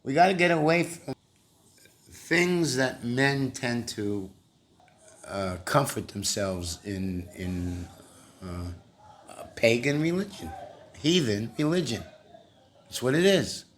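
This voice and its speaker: A man giving informal Bible commentary, recovering from a cough. He talks in a halting way, repeating words, asking rhetorical questions and growing insistent. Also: medium pitch, a bit bright, slight background noise. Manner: grows heated and insistent. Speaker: lay preacher.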